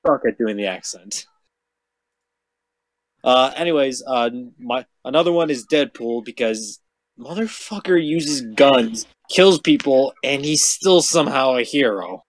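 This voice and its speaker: A man's voice: medium pitch, expressive, measured pace, no echo. Rambling, swearing young man, dry sound. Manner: rambling, swears a lot, lots of "like". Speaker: podcast host. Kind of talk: casual chat.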